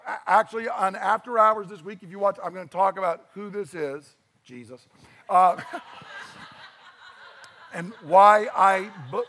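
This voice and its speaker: A middle-aged man preaching a sermon as pastor, telling the story with animated, acted-out voices. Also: high voice, long reverb tail.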